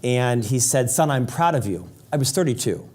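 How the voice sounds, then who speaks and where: A man in his forties, interviewing the host in a thoughtful, measured way and sharing a personal memory. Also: medium pitch, expressive, a little mellow. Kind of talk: conversational interview questions.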